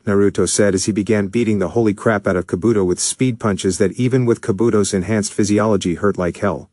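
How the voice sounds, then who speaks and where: Male narrator for fan fiction, steady, low, dry. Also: fairly quick, hardly any pauses, no echo.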